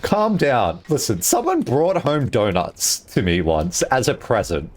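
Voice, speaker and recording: A young man streamer telling a story in a casual, animated way while gaming, laughing and swearing often. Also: mid-range voice, a little slow.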